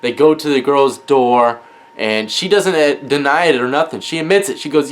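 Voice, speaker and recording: A man vlogging, telling a story to camera in an animated, slangy, dramatic way. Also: mid-range voice, normal speed. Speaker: gaming streamer and vlogger.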